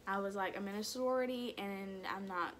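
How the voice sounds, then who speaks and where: A young woman telling a personal story in a chatty, animated way, full of "like"s. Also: medium pitch, a little fast, a little hiss or hum. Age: young adult. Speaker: vlogger.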